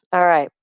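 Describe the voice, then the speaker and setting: A woman reading a children's book aloud expressively, stopping to explain words and checking in with "okay?". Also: no room sound. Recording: dry, dull muffled recording.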